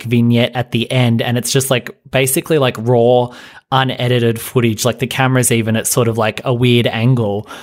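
A man hosting a podcast, chatting casually in a rambling, profane way while retelling scenes. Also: mid-range voice. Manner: rambling, profane, animated retelling with quoted voices. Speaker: podcast host. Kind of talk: casual chat.

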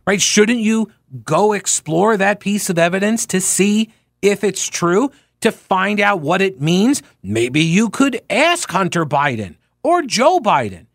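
Male talk radio host, lively pitch, dry studio mic, argumentative, rhetorical questions. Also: takes it slowly, gravelly, dry recording. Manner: animated, argumentative, with frequent restarts and rhetorical questions. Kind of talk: opinionated talk radio commentary. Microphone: studio microphone.

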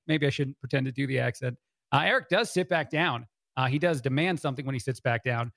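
A male fill-in radio host thinks aloud on air, circling back on himself with fillers and restarts. His voice sits slightly high for a man. The studio sound is dry and close. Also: a bit bright, no echo. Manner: rambling, frequent "uh" fillers and restarts. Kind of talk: talk radio commentary.

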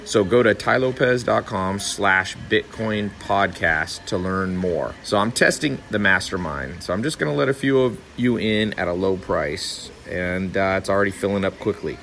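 A podcast host reading a promotional pitch in a salesy, urging manner. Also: male voice, fairly bright tone, slight background noise. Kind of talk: promotional ad read.

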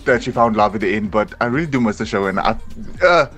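A man's voice: fairly low pitch, animated, fast talker, a bit bright, soft background music. A man in a listener voice message, speaking passionately and with exasperation.

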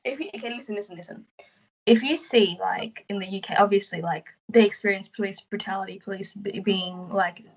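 A woman with a slightly husky voice holds forth in casual talk. She is animated and keeps pressing her point. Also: medium pitch, rough recording. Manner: animated, quick to laugh, argues her point. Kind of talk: casual chat.

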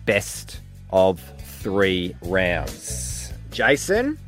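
A man hosting a radio comedy game, with brisk, playful patter. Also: low voice, huge pitch swings, soft background music. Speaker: radio host. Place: radio studio.

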